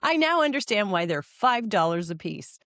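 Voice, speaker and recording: A woman's voice: medium pitch, very animated, moderate pace, fairly bright tone, no room sound, studio quality. A woman in her forties co-hosting a casual podcast chat, laughing often and swearing freely. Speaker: podcast co-host. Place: California.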